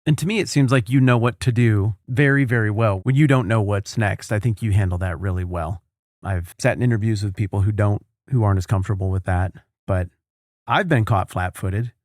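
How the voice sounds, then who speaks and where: Male podcast host, lower pitch, dry studio sound; animated storyteller who voices the people in his anecdotes. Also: brisk, no echo. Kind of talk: casual conversation.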